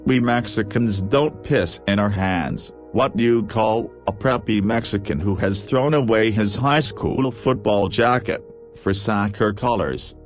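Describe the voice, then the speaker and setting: A man reading a list of jokes aloud, with a steady question-and-punchline delivery. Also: on the low side. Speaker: joke reader.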